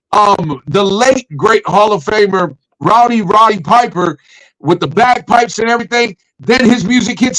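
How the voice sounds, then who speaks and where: A man co-hosting a podcast, recapping a wrestling match in an animated storytelling way and acting out his own reactions. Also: very high voice, poor audio. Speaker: podcast co-host.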